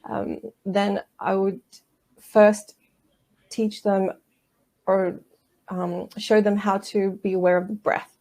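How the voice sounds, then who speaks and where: A woman massage therapist as an interview guest, explaining her methods calmly and gently. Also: mid-range voice, slow, long pauses. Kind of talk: interview conversation.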